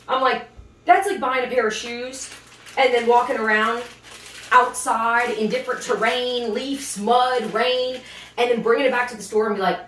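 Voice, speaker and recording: A woman's voice: on the high side, moderate pace, fairly bright tone, a little hiss or hum. A woman hosting a baking show, telling her dating stories in a chatty, sassy way, with punning asides as she works in her kitchen. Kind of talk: casual storytelling while baking. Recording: roomy, distant mic with faint ambience.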